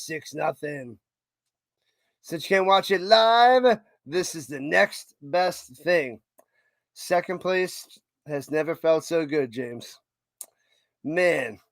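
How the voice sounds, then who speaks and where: New york guy doing a football watch party stream, high voice, dry close mic, hypes the plays and chats with viewers. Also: slow pace, no room sound. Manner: excitable calls, chatty asides to viewers. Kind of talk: live stream play-by-play and chat reading.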